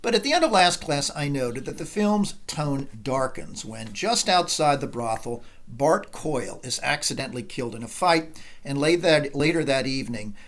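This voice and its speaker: A man, a film professor, giving a measured, analytical classroom lecture. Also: mid-range voice, animated, a bit bright.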